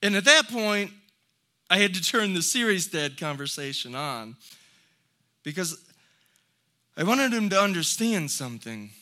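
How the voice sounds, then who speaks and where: A man's voice: sits high, big pitch swings, unhurried, pauses often, bright, forceful tone. A man preaching a sermon, speaking earnestly and telling folksy stories before building to emphatic exhortations. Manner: folksy storytelling with light laughs. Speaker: pastor.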